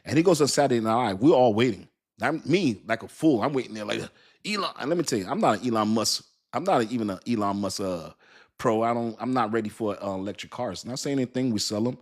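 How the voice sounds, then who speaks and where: A middle-aged man chatting casually on a livestream, animated, laughing often and cursing as he mocks a commenter. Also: medium pitch, quick pace. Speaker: crypto livestream host.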